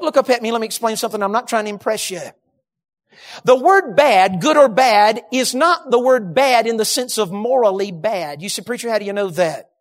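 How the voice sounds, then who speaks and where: Emphatic preacher man. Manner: emphatic, rising to shouts then dropping to low hushed endings. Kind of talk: sermon.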